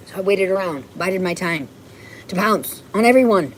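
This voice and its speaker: A woman's voice: medium pitch, lively intonation, moderate pace, slight background noise, low-quality recording. A woman on a rambling livestream from her home, ranting and swearing in an agitated way. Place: home, indoors.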